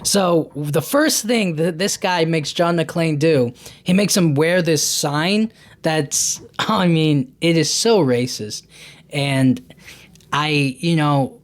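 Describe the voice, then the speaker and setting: A man's voice: a little high, slow. A man hosting a podcast, casually recapping a movie in a loose, rambling way with many restarts and fillers. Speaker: podcast host.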